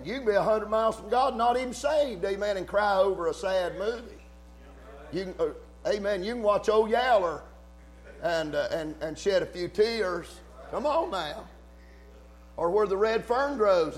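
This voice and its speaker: A man preaching a fervent sermon in church, rising to shouts between folksy asides. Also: high voice, slight background noise.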